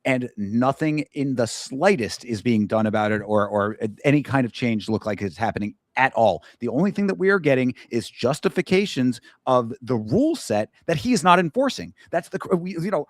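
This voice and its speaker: A man's voice: medium pitch, no room sound, studio quality. Emphatic ranting male podcast co-host. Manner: heated, emphatic ranting with restarts. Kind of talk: casual fight review chat.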